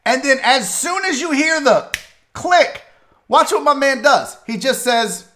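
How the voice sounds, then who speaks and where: Animated high-voiced man, profane talk host. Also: unhurried, slight background noise. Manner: animated, profane, laughs a lot. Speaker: sports radio host. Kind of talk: comedic commentary on a video.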